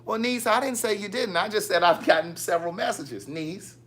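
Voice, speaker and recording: A man's voice: high-pitched, animated, brisk, fairly bright tone. A man hosting a casual livestream, chatting and teasing as he reads viewer comments. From Maryland. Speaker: livestream host. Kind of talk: casual live chat.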